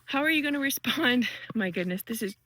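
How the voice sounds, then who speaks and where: A woman talking to her viewers while fast walking outdoors on a wooded trail, out of breath, chatty and reflective. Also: fairly high pitch, expressive, sharp tone, low-quality recording. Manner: chatty, reflective, laughs easily. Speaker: vlogger. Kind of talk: walking vlog musing.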